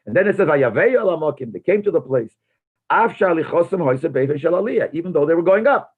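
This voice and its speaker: A man's voice: on the high side, animated, fast talker, slightly rough. A rabbi teaching a text-study class. He reads a phrase aloud, then translates and explains it, posing questions as he goes. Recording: tinny phone-like lo-fi recording.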